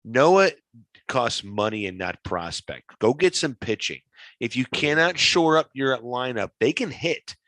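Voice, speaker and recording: A man co-hosting a podcast in casual chat, animated and swearing freely. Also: medium pitch, unhurried, no echo, rough recording. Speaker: podcast co-host.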